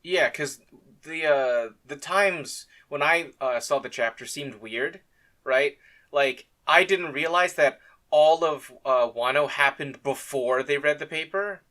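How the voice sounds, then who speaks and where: Bright-voiced laid-back man. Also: a little high, slow. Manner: laid-back, laughs often, swears casually. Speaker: podcast co-host. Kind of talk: casual chat reviewing a comic chapter.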